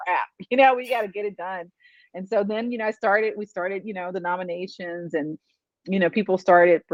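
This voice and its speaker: A man's voice: a little high, no echo, dull audio. A man hosting an interview, talking casually with lots of you-knows and restarts. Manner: rambling with many fillers and restarts. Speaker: interview host, event organizer.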